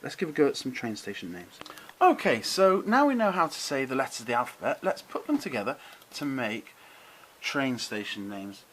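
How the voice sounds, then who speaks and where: A middle-aged man hosting a casual lesson, chatty and encouraging, who slows right down to sound out words with care. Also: mid-range voice, sing-song, a bit bright, a little hiss or hum, low-quality recording. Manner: chatty, encouraging, drawn-out careful pronunciations. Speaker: model railway channel host. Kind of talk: casual explainer to camera.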